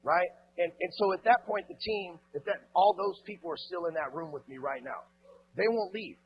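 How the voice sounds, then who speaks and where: A man's voice: high voice, a little fast. A man in his forties giving a blunt, profane motivational speech on stage, telling stories with asides. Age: 40s. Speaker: keynote speaker. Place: conference room stage. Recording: muffled, faint hum.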